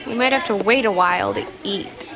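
A woman's voice: medium pitch, a little fast, vocal fry, lightly acted, rough recording. An actress playing a self-assured, pushy teenage girl. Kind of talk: radio drama acting.

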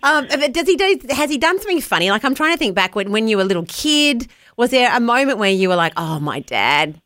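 A woman's voice: a little high, lively intonation, fast talker, a bit bright. A woman hosting a Christian radio breakfast show, gushing and effusive, laughing easily as she chats. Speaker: radio host.

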